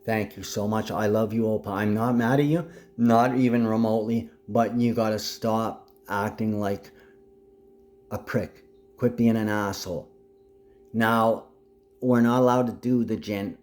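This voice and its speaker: A man's voice: lowish voice, fairly even intonation, a little slow, darkish tone. A man talking to camera in a rambling monologue, agitated and drifting in and out of anger as he speaks to absent family members. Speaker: vlogger.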